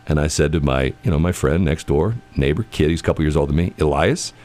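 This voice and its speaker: A man's voice: extremely low pitch, fast, a little mellow. A middle-aged man hosting a radio show, telling rambling stories in casual chat, laughing often and restarting his sentences. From United States. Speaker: radio host.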